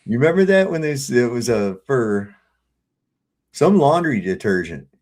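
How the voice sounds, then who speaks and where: A middle-aged man hosting a live panel stream, relaxed and chatty as he introduces video clips. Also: mid-range voice, normal speed. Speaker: host. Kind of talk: casual chat.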